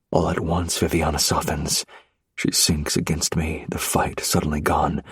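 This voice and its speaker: A man narrating a romance audiobook in the first person, low, measured and intense. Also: flat delivery, slightly rough, no echo, studio quality.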